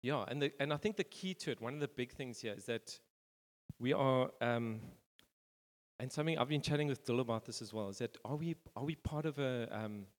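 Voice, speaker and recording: A man delivers a relaxed, meandering sermon, stopping and restarting his phrases as he goes. His voice sits in a middle register. It rings with the long reverb of a church hall. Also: mid-range voice, fairly quick. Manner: rambling, informal, many fillers and restarts. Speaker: pastor. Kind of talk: conversational sermon.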